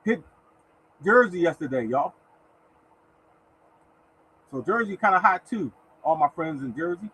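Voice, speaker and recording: Offering lottery picks on a casual livestream, a man speaks in a somewhat high, slightly bright voice, animated but a little slow and pausing often. He exhorts listeners repetitively as "y'all" and now and then thanks chatters by name. Slight background noise accompanies the rough recording.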